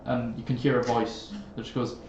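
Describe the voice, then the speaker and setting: A man's voice: medium pitch, flat delivery, a little mellow, slight background noise. Man narrating a tabletop game. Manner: casual, halting with fillers. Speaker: game master. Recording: echoey room, dull sound.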